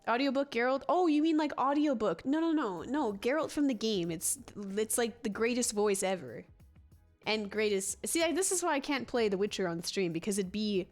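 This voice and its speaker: A woman's voice: a little high, animated, moderate pace, soft background music. A woman livestreaming a game in a casual, rambling way, reading and answering chat with frequent restarts and laughs.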